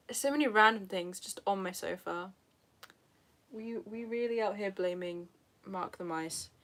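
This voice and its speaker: A woman's voice: mid-range voice, slow, long pauses. A young woman from England with a British accent, chatting casually and self-deprecatingly on a live stream from her sofa at home, laughing often as she reads the chat. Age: young adult.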